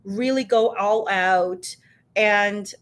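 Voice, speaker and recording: A woman with a mid-range voice speaks extremely slowly. She's a co-founder and live show host streaming casually from her home kitchen, chatty and upbeat, with many fillers and restarts.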